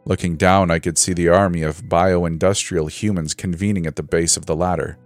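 Deep-voiced man narrating horror. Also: steady tone, normal speed, dry recording. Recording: faint background music.

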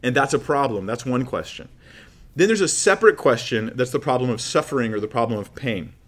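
A man of middle pitch teaches on faith in a lively, animated way. He acts out dramatic scenes and keeps turning to his audience with rhetorical questions. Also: fairly quick. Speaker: Christian teacher. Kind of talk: apologetics teaching talk.

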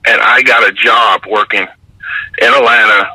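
An older man with a New York accent, talking in a measured, reflective way during an interview and often checking in with "you understand?". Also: on the low side, fairly even intonation, pushed and bright, husky, dry recording, poor audio. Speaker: guest, basketball referee mentor.

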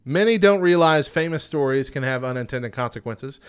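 A man's voice: mid-range voice, expressive, moderate pace, smooth. A young man hosting a casual chat show, reading out odd news items and joking about them. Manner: reads facts aloud then jokes. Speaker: podcast host.

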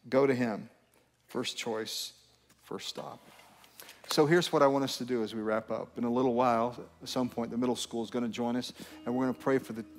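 An earnest male pastor, middle-pitched, leading a sermon and altar call and rising into fervent repeated appeals. His voice rings with a long reverb through the sanctuary, and soft music plays underneath.

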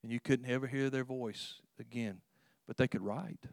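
Male preacher, easygoing conversational sermon, swells and softens, dry close mic. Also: mid-range voice, fairly even intonation, moderate pace, creaky, no echo. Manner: folksy, conversational preaching with chuckles; swells louder for emphasis, drops soft for tender points.

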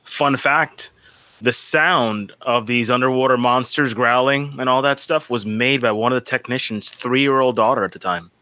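A man's voice: mid-range voice, moderate pace, bright, forceful tone, no room sound. A middle-aged man co-hosting a casual movie commentary, wry and fond of sharing trivia. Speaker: co-host.

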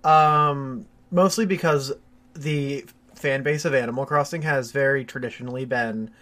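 A man's voice: medium pitch, steady tone, a bit bright. A young man co-hosting a podcast, explaining his views in an easygoing way with many fillers. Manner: measured, explanatory, hedging with fillers. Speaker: podcast co-host. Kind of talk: casual chat.

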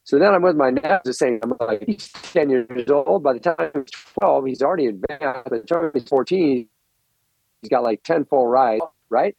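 A middle-aged man, a coaching guest on a podcast, telling stories in an excitable, rambling way and often repeating words. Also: mid-range voice, moderate pace, creaky, no echo. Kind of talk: animated storytelling interview. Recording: dull, lo-fi, dry recording.

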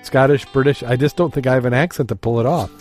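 A man's voice: mid-range voice, fast, darkish tone, soft background music. A man hosting a show, telling a long joke in a rambling way, correcting himself and laughing at his own slips.

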